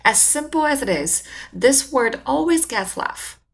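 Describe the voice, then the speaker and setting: A woman hosting a communication channel, giving measured, explanatory scripted narration. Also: high voice, lively intonation, slightly rough.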